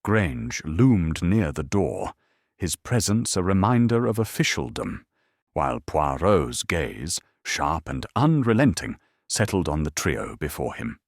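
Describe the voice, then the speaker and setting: Deep male narrator, expressive, dry close read of a detective story. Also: measured pace, no echo. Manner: steady, descriptive storytelling. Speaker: audiobook narrator. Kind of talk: scripted narration.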